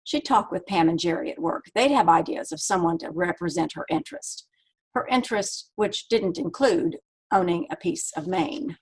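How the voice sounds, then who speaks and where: Author, woman, reads her own novel aloud; husky, lowish voice, steady delivery. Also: rough recording. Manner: steady, measured reading aloud.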